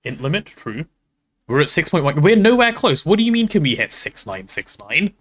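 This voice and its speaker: Lively chatty man streaming a game. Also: fairly high pitch, brisk, breathy edge. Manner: chatty, reads out chat, talks to himself while playing. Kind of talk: casual game stream chat.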